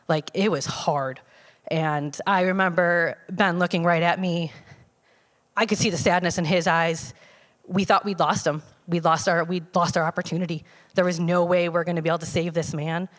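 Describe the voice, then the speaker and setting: A woman telling a personal testimony to a church congregation in a conversational, halting way, with frequent fillers and restarts. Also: on the low side, fairly even intonation. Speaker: church member giving a testimony. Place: church sanctuary. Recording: long hall reverb.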